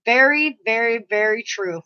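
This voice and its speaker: Middle-aged woman, high and bright, chatty streamer who swears and laughs easily, muffled lo-fi audio. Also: expressive, unhurried. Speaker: live streamer. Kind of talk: casual chat reading live comments. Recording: slightly muffled lo-fi mic audio.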